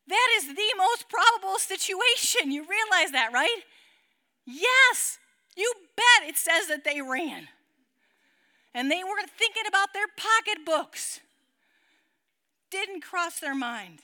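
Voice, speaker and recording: A woman's voice: extremely high pitch, animated, takes it slowly, pauses often, pushed and bright. A woman teaching a Bible passage to a group in a dramatic way. She keeps checking in with her listeners and acts out the story's sound effects.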